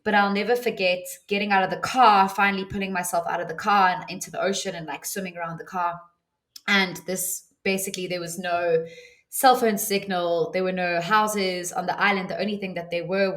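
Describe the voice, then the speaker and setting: A woman's voice: fairly low pitch, fairly even intonation, moderate pace, a bit bright. Earnest woman telling a vivid story. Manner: earnest, vivid retelling with restarts. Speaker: podcast guest, ceremony leader. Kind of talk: personal storytelling and advice.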